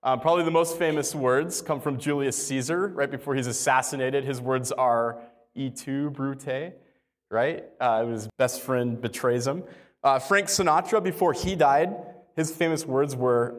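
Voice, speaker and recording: A man preaching a sermon in a relaxed, conversational way, with light humor and slow, deliberate reading of quotes. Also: mid-range voice. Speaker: pastor.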